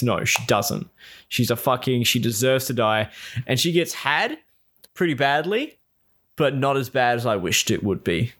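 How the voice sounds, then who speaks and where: A man in casual chat, retelling a series with lively put-on quotes and frequent swearing. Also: mid-range voice, normal speed. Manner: animated, acts out characters' lines, swears freely.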